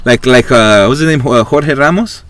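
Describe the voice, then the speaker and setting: Talking at a moderate pace into a podcast microphone, this male host has a medium-pitched, slightly bright voice. He chats loosely and casually, rambling with lots of fillers and curse words.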